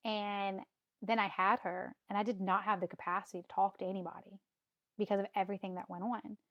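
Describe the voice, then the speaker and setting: A woman's voice: mid-range voice, no room sound. A woman in her thirties telling her own story as a podcast guest, acting out her past reactions and laughing often. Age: 30s. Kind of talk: casual storytelling.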